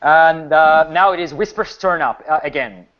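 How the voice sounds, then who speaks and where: A man's voice: fairly high pitch, normal speed, a bit bright. A man running a tabletop game as game master, narrating attacks and explaining rules firmly, with frequent restarts. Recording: muffled lo-fi recording.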